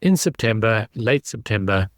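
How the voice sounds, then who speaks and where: A man in his sixties from South Africa, with a South African accent softened by English, telling his story at an easy, measured pace as an interview guest over a video call. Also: on the low side, lively intonation, dry recording, clean studio sound. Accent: South African with some English. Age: 60s. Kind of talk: casual interview.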